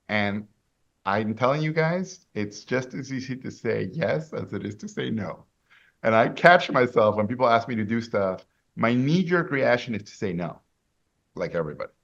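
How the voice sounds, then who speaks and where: A man from Mexico, an animation director, answering an interview question as an animated, enthusiastic storyteller. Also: medium pitch, moderate pace, vocal fry, highs cut off. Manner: animated, enthusiastic storyteller with big swings in loudness.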